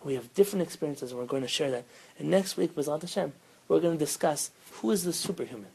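A man, a rabbi, teaching an informal Torah class, telling stories with lively bursts of emphasis and sprinkling Hebrew terms into his English. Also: a little high, quick pace, vocal fry, husky, poor audio. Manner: animated storytelling, rising loud when quoting.

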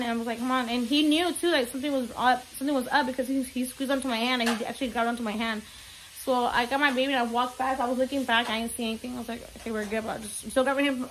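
A woman's voice: on the high side, fairly bright tone, a little hiss or hum. A young woman telling a frightening story on her vlog, near tears, rambling with many fillers and slipping in Spanish words. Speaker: vlogger.

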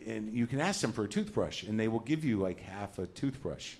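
On a theater stage, a middle-aged comedian tells a neurotic, foul-mouthed story that mocks himself. His fairly low voice is animated and quick, with background noise. Loud laughter from the live crowd fills the recording.

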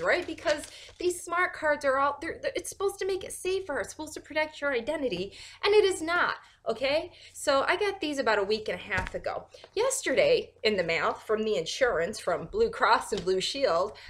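A woman vlogger talking in a casual, animated and sarcastic rant, full of fillers and restarts. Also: fairly high pitch. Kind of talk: casual ranting monologue.

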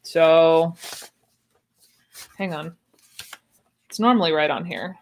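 A woman's voice: low voice, slow pace, darkish tone, a little hiss or hum. A young woman chatting casually on a livestream, with wry asides and easy laughs. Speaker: livestream host unboxing sewing patterns. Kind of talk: casual chat.

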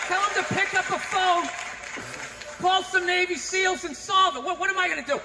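A man performing a stand-up comedy set, ranting sarcastically and breaking into shouts. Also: very high-pitched, steady tone, normal speed, a crowd in the background. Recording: long hall reverb, audible noise.

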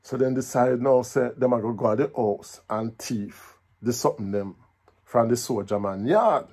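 A man's voice: mid-range voice, moderate pace, slightly rough. Jamaican man telling a folk tale. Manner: lively, animated delivery in patois. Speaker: storyteller.

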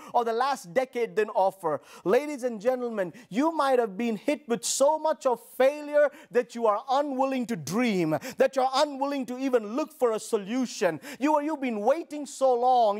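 A male pastor preaching a sermon in an emphatic, repetitive style, calling on the congregation to repeat his words and sometimes shouting. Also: very high-pitched.

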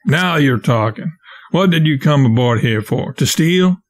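Man voicing a raftsman boss, gruff, blunt, commanding, slightly high-pitched. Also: lively intonation, measured pace. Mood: stern. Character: gruff grown raftsman boss, stern but fair.

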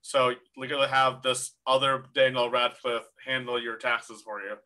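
A man performing improv comedy on a video call, brash and excitable. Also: medium pitch, moderate pace.

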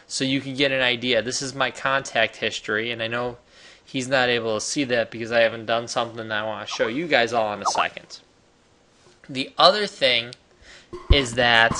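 A man's voice: medium pitch, bright, forceful tone. A man from the United States hosting a casual, enthusiastic tutorial while sharing his screen. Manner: enthusiastic, chatty, salesy. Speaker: host.

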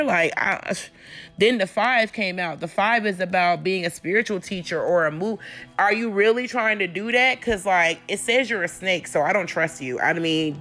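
A woman's voice: mid-range voice, fairly bright tone. A woman doing a casual tarot reading, talking bluntly and confrontationally with lots of swearing. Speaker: tarot reader.

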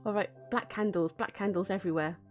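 A woman streaming a building game, chatting casually and giggling, with frequent excited gasps. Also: mid-range voice, quick pace, over music.

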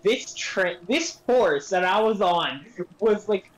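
A woman gaming on stream, chatting casually and telling an animated story. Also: medium pitch, slow pace, low-quality recording. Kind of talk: casual chat while gaming.

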